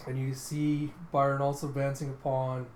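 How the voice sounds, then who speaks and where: A man walks through a comic page by page in a loose, rambling play-by-play. His pitch sits in the ordinary male middle, and the room adds a noticeable echo with a faint hiss. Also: monotone, normal speed. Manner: casual, rambling play-by-play with fillers. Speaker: comic readthrough host. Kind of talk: casual comic narration.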